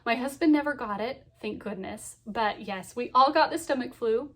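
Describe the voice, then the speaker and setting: A woman's voice: on the high side, normal speed, a bit bright. A woman in her thirties chatting casually to camera about her cross stitch, cheerful and full of ums and laughs. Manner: chatty, lots of ums and so yeahs.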